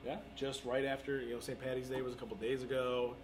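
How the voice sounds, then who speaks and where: Laid-back guy chatting about his coffee shop, lots of "um" and "you know", mid pitch, faint room noise. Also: fast talker. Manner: relaxed, upbeat, thinks aloud with many fillers. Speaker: podcast co-host, café owner. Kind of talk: casual chat. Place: their café storefront.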